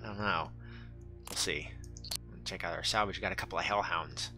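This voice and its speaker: A man's voice: low-pitched, fairly even intonation, a little fast, over music. A man casually commentating his mech game playthrough, chatty and joking, talking back to the game. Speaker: gaming channel host. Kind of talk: let's play commentary.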